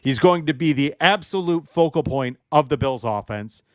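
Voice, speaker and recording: A man's voice: a little high, expressive, normal speed, no echo, studio quality. A young adult man hosting a livestream football show, emotionally charged and ranting while joking with his chat. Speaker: sports show host.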